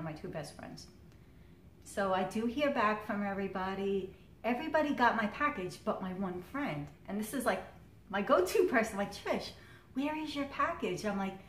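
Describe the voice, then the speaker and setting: A middle-aged woman vlogging about her hobby, telling a story in a casual, animated way, acting out what others said and laughing often. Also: mid-range voice. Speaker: cross stitch vlogger. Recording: echoey room with faint noise.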